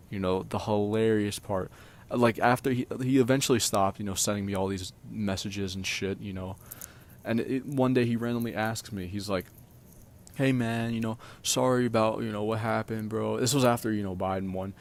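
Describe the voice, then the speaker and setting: A man with a low voice telling a story to his viewers in a loose, meandering way. He leans on "like" and "um" and swears freely. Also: normal speed. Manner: rambling, filler-heavy, profane. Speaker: vlogger telling a personal story. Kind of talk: casual storytime.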